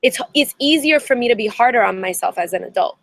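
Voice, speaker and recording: A woman's voice: on the high side, lively intonation, fast talker, gravelly, dry recording, poor audio. A young adult woman therapist giving an earnest webinar talk, often restarting and repeating words. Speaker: therapist and coach.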